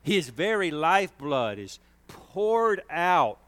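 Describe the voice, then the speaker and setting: A man preaching a sermon, emphatic, swelling and slowing down on key words. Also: fairly high pitch, big pitch swings, a bit bright, dry recording.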